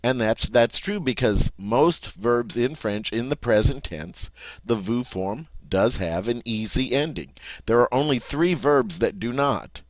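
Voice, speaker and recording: A man's voice: mid-range voice, expressive, measured pace, dry recording. A man teaching French grammar, patiently spelling out verb forms letter by letter. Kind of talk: recorded grammar lesson.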